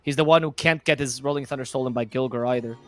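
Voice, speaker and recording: A man's voice: mid-range voice, fairly even intonation, quick pace, a bit bright, faint music behind. A man from Spain, speaking English as a second language, giving chatty, opinionated live commentary on a match. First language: a regional language of Spain. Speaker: esports commentator.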